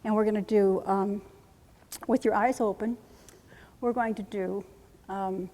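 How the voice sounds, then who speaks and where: A woman's voice: medium pitch, steady tone, warm tone, a little hiss or hum. Woman coaching in an echoey hall. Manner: brisk, coaching, repeats phrases rhythmically. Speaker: trainer teaching combat medics. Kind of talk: live workshop demonstration. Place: conference room. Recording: echoey hall from a live conference.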